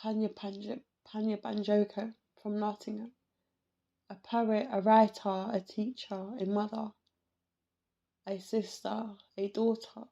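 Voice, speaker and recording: A woman hosting a podcast, talking slowly and reflectively in an emotional personal monologue, close to tears and repeating herself as she searches for words. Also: medium pitch, level tone, creaky, warm tone, lo-fi sound. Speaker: podcast host.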